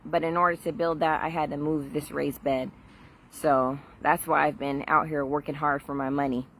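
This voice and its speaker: Chatty middle-aged woman gardener streaming outdoors on a phone, slightly low voice, faint outdoor hiss. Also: pushed and bright. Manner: chatty and rambling, laughs often. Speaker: vlogger on a garden livestream. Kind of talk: casual livestream chat. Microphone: phone livestream.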